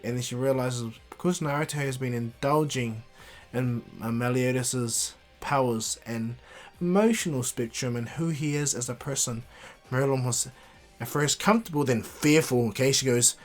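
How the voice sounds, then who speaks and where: A man's voice: medium pitch, moderate pace, soft background music. Man rambling through a fan story. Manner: rambling, with fillers and restarts. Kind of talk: casual improvised story narration.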